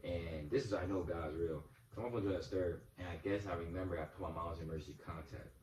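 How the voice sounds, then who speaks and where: A man's voice: deep voice, quick pace, a little mellow, roomy sound, distant mic, rough recording. A man hosting a casual, heartfelt interview, talking loosely with many fillers. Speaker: host.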